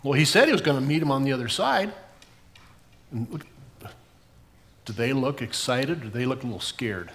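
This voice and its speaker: Lively older man telling kids a Bible story. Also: medium pitch, moderate pace, long pauses. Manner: animated storytelling, asking kids questions. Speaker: pastor giving a children's message. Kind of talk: children's sermon.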